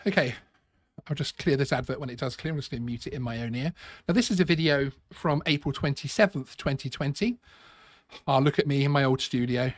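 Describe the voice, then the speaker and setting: A man's voice: mid-range voice, no echo, studio quality. A man hosting a live stream, talking casually with many restarts and a sarcastic edge. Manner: halting, repeats words, sarcastic. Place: home studio.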